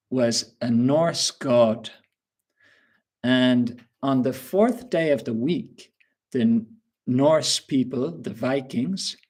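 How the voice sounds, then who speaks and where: A man's voice: mid-range voice, dark tone. A male English teacher giving a live webinar lesson, patiently quizzing viewers and reading out their answers.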